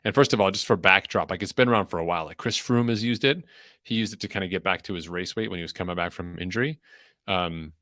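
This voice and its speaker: A man's voice: deep voice, quick pace, sharp tone, no echo, studio quality. A young adult man hosting a podcast in a loose, rambling way, full of fillers and restarts. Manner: rambling, filler-heavy, self-interrupting. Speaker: podcast host. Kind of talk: casual chat.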